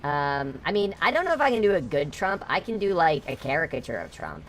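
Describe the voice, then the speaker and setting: A woman's voice: deep voice, big pitch swings, fairly quick, a little hiss or hum. A woman from upstate New York streaming while gaming, chatting casually and bluntly, swearing freely, through a voice changer.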